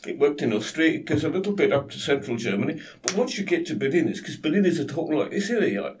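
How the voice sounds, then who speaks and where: A man's voice: on the high side, animated, fast talker, darkish tone, slight background noise. A man in a book discussion, talking animatedly and often restarting his sentences. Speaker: guest.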